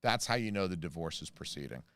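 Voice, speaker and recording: A man's voice: low voice, lively intonation, fast talker, vocal fry, a bit bright, clear, resonant tone, no room sound. An American man hosting a casual livestream, rambling through jokey asides and reading chat messages. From United States. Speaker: channel host reading live chat.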